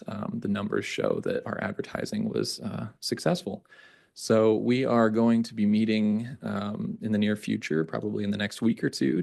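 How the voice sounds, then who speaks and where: Low, gravelly man giving a board report. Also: a little mellow. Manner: loose, conversational delivery with many ums and uhs. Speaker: communications staff presenting a report. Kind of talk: board meeting presentation. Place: meeting room.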